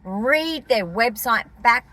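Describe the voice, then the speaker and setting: Older aussie woman vlogging, super animated, bright and emphatic. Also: a little high, slow pace. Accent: Australian. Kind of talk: casual chat.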